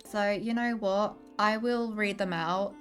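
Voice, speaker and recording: A woman at home talks through a cozy game in a relaxed, chatty way, slipping in little laughs. She sounds a bit out of breath, her voice sitting at an ordinary middle pitch over faint background music. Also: a little slow. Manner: chatty, giggly, self-deprecating. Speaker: game streamer and voice actor. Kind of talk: casual gameplay commentary. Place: home, seated.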